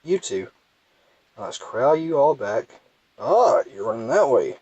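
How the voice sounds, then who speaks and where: A man's voice: mid-range voice, big pitch swings, unhurried, a little mellow, husky, dry recording, lo-fi sound. A young man with a thick Southern US accent, rambling and self-deprecating as he comments casually on his gameplay. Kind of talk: casual let's play commentary.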